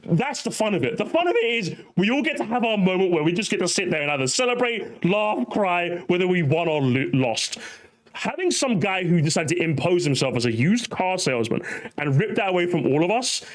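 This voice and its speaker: A man's voice: sits high, very animated, a little fast. A man streaming live, ranting animatedly and talking straight to his chat.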